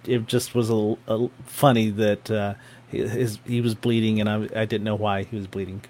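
A man in casual chat, telling an anecdote with lively put-on voices and frequent laughter. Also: normal speed. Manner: animated storyteller, acts out voices with big pitch jumps and laughs.

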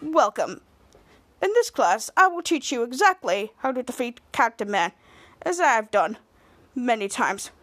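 Woman doing a pompous villain doctor, male, boastful, vain, high voice. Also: sing-song, unhurried, fairly bright tone, no echo, heavily acted. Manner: pompous, self-praising.

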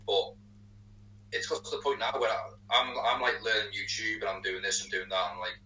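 Fast-talking man on an echoey, distant call. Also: lowish voice, little pitch movement, bright, forceful tone, muffled recording. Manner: rambling, keeps saying you know what I mean. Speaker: podcast guest. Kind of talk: casual chat.

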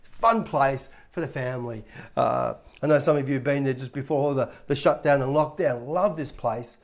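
A man's voice: medium pitch, normal speed, gravelly. Man preaching a conversational sermon. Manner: conversational preaching with frequent restarts. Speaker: pastor.

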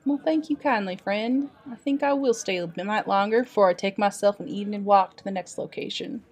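Her medium-pitched, darkish voice runs a little fast and is lightly acted. She's a woman playing a folksy traveling adventurer in an improvised tabletop role-play, spinning a dramatic tale in a homespun drawl as a player character storyteller.

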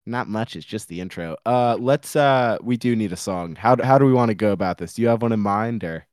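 An American man co-hosting a sports podcast in casual chat, joking dryly and trailing off quietly. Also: fairly low pitch, fairly quick, dry recording, clean studio sound. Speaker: podcast co-host.

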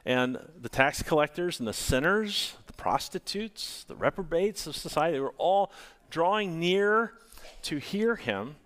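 Male pastor, lively swinging delivery, slightly higher voice, sermon. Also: measured pace. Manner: animated, rhetorical questions to the congregation.

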